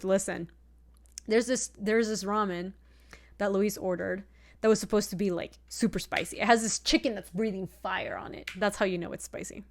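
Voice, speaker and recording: A young woman streamer chatting casually while playing a card game, telling an animated story with laughing asides. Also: medium pitch, normal speed. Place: home streaming setup.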